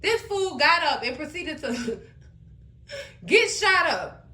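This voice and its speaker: A woman hosting a casual TV recap, animated and exclaiming as she retells the episode. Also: high voice, slow, echoey room. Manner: animated, exclaiming and laughing between comments. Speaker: TV recap host.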